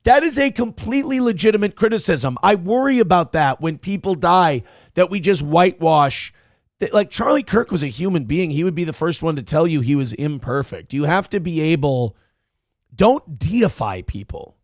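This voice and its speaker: A man hosting a morning show, chatting in a rambling, profane, animated way and reading out viewers' messages. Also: on the high side, normal speed, no echo, clean studio sound. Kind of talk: casual livestream chat.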